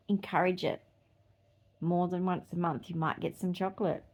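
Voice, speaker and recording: A woman in her forties with an Australian accent hosts a podcast as a casual monologue. Her voice is fairly low, darkish and flat at a normal speed, and she's blunt, swearing freely and laughing between points.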